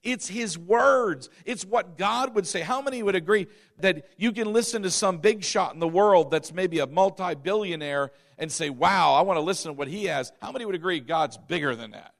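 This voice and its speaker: A man's voice: high voice, fairly quick, gravelly, hardly any pauses. A middle-aged male pastor preaching a sermon, emphatic and repetitive, with chuckling asides.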